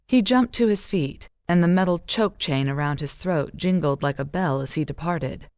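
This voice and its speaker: Measured audiobook narrator, woman with a low voice, recorded dry. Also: darkish tone, no room sound.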